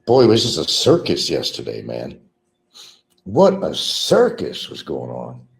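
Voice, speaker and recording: A middle-aged man ranting bitterly on a livestream, repeating himself, mocking others and swinging between low mutters and loud outbursts. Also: wildly swooping pitch, slow, vocal fry. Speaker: livestream host. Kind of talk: rambling livestream rant.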